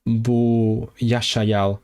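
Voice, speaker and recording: A man's voice: mid-range voice, level tone, extremely slow, a little mellow, smooth. A man livestreaming his language study, thinking aloud with fillers and restarts and carefully repeating new foreign phrases. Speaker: language-learning streamer. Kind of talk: casual livestream language practice.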